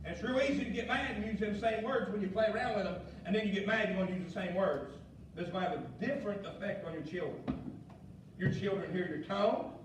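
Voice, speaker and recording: A male pastor, preaching a fiery sermon with shouted emphasis and folksy asides. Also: sits high, quick pace. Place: church sanctuary. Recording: echoey church hall, mic far off, faint noise.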